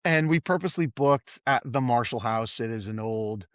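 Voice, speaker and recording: At medium pitch and normal speed, a middle-aged emergency services worker shares a story during a casual podcast conversation where he's a guest. He's animated, playing out the quoted voices. The close, dull recording is dry, with no room sound.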